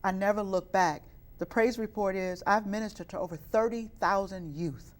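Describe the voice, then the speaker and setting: A woman's voice: medium pitch, moderate pace. A middle-aged woman from Chicago who works as a youth minister, telling her life story in an interview and rising into fervent, preaching-style passages. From west side of Chicago. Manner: earnest, rises into fervent preaching. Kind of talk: interview testimony.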